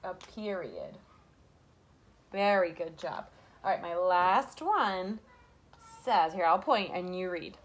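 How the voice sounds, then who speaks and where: Speaking slowly with long pauses and big pitch swings, a young woman teaches a kindergarten class remotely from home. Her fairly low voice is sing-song and encouraging, full of rhetorical questions for the young children. A camera mic captures her.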